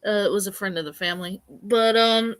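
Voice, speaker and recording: A woman in a casual chat, telling an animated story and laughing. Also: mid-range voice, brisk, no room sound.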